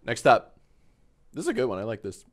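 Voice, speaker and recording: A man's voice: medium pitch, huge pitch swings, a little fast. A man in his thirties chatting casually on a live stream, tipsy from wine, rambling, joking and swearing freely from a home studio. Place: home studio with green screen.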